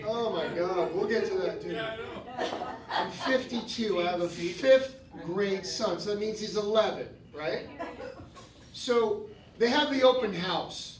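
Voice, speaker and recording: A man in his fifties doing a profane stand-up set and trading jabs with the audience. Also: sits high. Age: 50s. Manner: brash, profane, talks back to the audience. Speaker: stand-up comedian. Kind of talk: stand-up set with crowd work. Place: comedy club stage. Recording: echoey club from a distance, loud crowd laughter.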